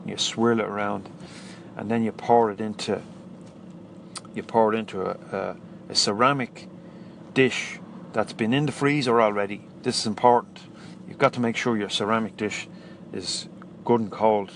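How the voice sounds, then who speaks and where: A man's voice: fairly low pitch, steady tone, normal speed, gravelly, pauses often, slight background noise. A man with an Irish accent hosting a podcast, talking casually and enthusiastically with plenty of restarts. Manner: chatty, rambling, enthusiastic, frequent restarts. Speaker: podcast host. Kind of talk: casual solo podcast talk.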